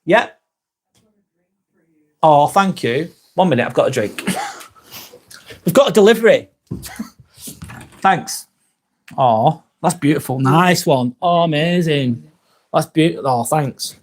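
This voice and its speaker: A man's voice: on the high side, lively intonation, takes it slowly, pauses often. Chatty man hosting a live stream. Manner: chatty, calls viewers mate, firm with trolls. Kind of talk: casual live chat reading comments.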